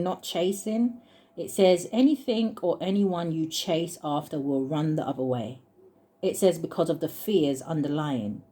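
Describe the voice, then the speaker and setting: Mellow-voiced woman musing over tarot cards. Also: on the low side. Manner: muses aloud, chuckles often, reads card texts slowly. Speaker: tarot reader. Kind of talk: casual tarot reading, thinking aloud.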